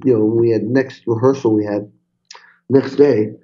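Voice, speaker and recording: An older man, a guest on a podcast interview, telling stories in an animated, swearing way and acting out what people said. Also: medium pitch, moderate pace, dull audio. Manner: animated, swearing, acts out quotes. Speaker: guest drummer. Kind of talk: storytelling interview.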